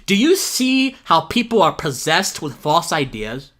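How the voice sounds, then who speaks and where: A man's voice: on the high side, big pitch swings, measured pace, a bit bright. Exasperated man ranting on a live stream. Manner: exasperated, ranting, laughs often. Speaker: streamer reacting to a video. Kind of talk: live-stream reaction commentary.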